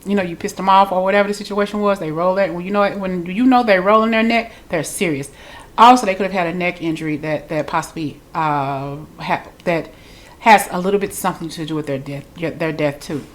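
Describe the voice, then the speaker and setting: A woman's voice: on the low side, a little fast. A woman with a congested voice, giving a chatty, loose spiritual reading straight to her viewers. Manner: chatty, loose, repeats herself. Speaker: tarot reader.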